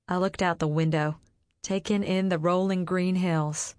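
Here a woman narrates an audiobook, reading a novel in a calm, measured storytelling voice pitched fairly low. It is scripted narration with clean studio quality and no echo at all.

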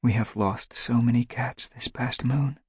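A man's voice: medium pitch, fairly even intonation, measured pace, breathy edge, no echo, clean studio sound, pitched above the performer's own voice. Anxious she-cat warrior, as a man reads her. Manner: soft, anxious pleading. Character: worried she-cat warrior, gentle and weary.

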